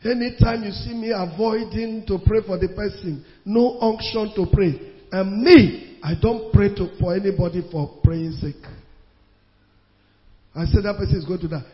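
A man preaching a sermon as a pastor. He repeats his phrases and swings between loud bursts and quiet asides. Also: high voice, moderate pace. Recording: reverberant hall, dull lo-fi sound.

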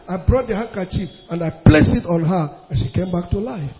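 High-voiced pastor preaching emphatically. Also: male voice, expressive, normal speed, faint music behind. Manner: emphatic preaching, repeats phrases, swings between loud bursts and quiet asides. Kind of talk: sermon. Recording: reverberant hall, dull lo-fi sound.

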